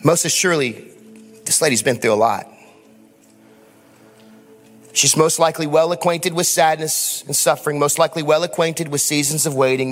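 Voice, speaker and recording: Male pastor, fairly high voice, emphatic sermon delivery with rhetorical questions, long reverb of a big sanctuary. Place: church sanctuary.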